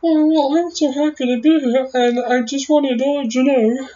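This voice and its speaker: A man putting on a squeaky little girl. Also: fairly even intonation, normal speed, warm tone. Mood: cheery. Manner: squeaky falsetto. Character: cheery little girl, sweet and eager. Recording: muffled lo-fi recording.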